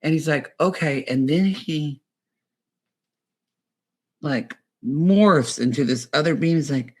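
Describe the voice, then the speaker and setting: Male guest for a casual recap podcast; gossipy, animated, likes to act out quotes with silly voices. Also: fairly high pitch, slow, breathy edge. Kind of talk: casual chat recapping a reality show.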